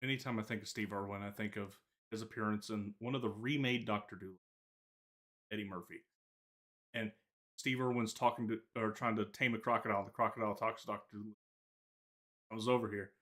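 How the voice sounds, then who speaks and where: A man's voice: lowish voice, fairly even intonation, fast talker, fairly bright tone. A man co-hosting a podcast in casual chat, joking and telling anecdotes. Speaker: podcast co-host.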